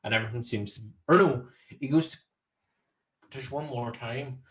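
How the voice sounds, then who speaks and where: A Northern Irish man co-hosting a podcast, recapping scenes in casual chat, laughing often and jumping into high, silly voices when quoting characters. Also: moderate pace, a bit bright. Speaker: podcast co-host.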